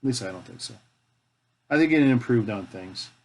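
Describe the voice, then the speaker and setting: A man's voice: medium pitch, expressive, normal speed, a little mellow. A middle-aged man from Canada hosting a live stream, chatting casually and joking with himself as he builds. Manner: joking, talks to himself as he works. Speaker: live-stream host building a toy kit. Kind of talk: casual chat while building.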